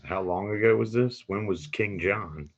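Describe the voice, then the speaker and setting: A man playing a tabletop game, asking curious, halting questions. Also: on the low side, breathy edge, dull audio. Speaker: player. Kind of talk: tabletop role-play questioning.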